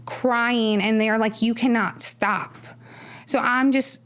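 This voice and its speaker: Woman, podcast guest, casual personal testimony, chatty "like" and "right?" fillers, somewhat high voice. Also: steady tone, takes it slowly, fairly bright tone. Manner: rambling storytelling with frequent "like" and "right?".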